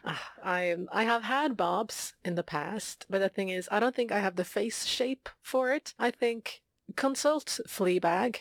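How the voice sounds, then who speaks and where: A young woman co-hosting a casual chat, playful, with quick reactions and short stories. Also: mid-range voice, no echo, clean studio sound.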